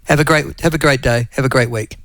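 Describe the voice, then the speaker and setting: A man's voice: mid-range voice, steady tone, fast talker, fairly bright tone, dry recording. A man hosting a radio talk show, chatty and friendly, with ums. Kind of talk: casual radio interview.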